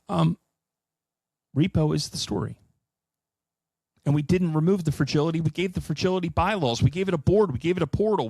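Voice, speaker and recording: A middle-aged man giving an animated solo finance presentation, emphatic and sardonic with profane asides. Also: a little high, dry recording. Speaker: finance commentator.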